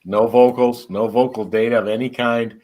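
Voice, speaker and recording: A man presenting his own paranormal recordings on a talk show, in an animated way. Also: mid-range voice, normal speed. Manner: animated, talks through his own clips. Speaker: paranormal investigator guest. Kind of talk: casual chat.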